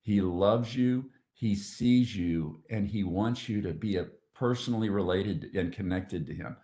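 A man's voice: lowish voice, dark tone. Earnest man telling his testimony, echoey room. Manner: earnest, emotional, halting with restarts. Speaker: podcast guest. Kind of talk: heartfelt testimony storytelling.

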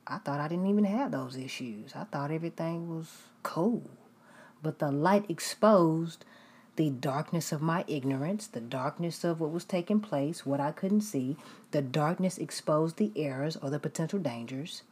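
A woman preaching, telling a story in a lively way with frequent whispered asides. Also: low-pitched, moderate pace, slightly rough. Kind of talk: storytelling sermon.

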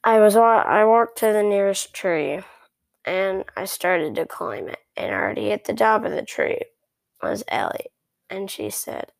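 A woman's voice: medium pitch, animated, unhurried, vocal fry, no echo. A woman narrating a story in the first person, chatty and rambling, with sarcastic asides.

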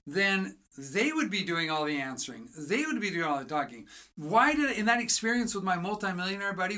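A writing coach teaches in a motivational style, with a bright and forceful voice. The delivery is energetic. The coach asks the listener rhetorical questions and acts out little conversations. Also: mid-range voice.

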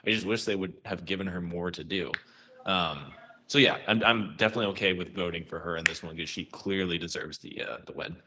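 A man's voice: deep voice, a little fast, muffled recording, noisy background. A man co-hosting a podcast, chatting casually and ranting his opinions with frequent swearing. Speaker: podcast co-host.

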